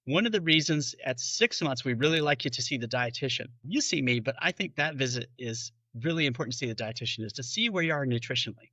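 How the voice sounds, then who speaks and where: A man's voice: a little high, creaky, bright, forceful tone, dry recording, lo-fi sound. A man who is a bariatric physician, patiently explaining in a podcast interview and acting out his patients' questions.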